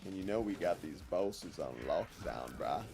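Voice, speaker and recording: A man with a lowish voice streams a game and talks to his chat in a loose, rambling way. He jokes as he plays. Faint music sits under his talk. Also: expressive, moderate pace, creaky. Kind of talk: casual gameplay commentary.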